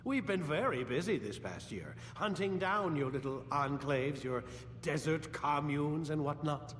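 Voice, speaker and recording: An actor playing a cold, commanding middle-aged scientist who holds a prisoner, talking curtly and with contempt. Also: male voice, fairly high pitch, expressive, a little slow, a bit bright, long reverb tail, a little hiss or hum. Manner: curt, commanding, sneering.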